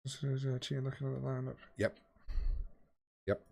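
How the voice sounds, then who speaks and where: A man's voice: medium pitch, fairly even intonation, moderate pace, creaky, darkish tone. A man in his late thirties live-streaming a game, chatting casually and swearing freely with his viewers while tired and yawning. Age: 30s. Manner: swears freely, bantering with chat.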